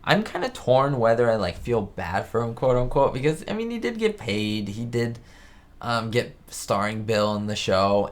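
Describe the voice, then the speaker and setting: A man hosting a casual live-stream chat, talking in a rambling, chatty way and reading viewer comments aloud. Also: medium pitch. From United States. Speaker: host of a live chat show. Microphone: webcam setup.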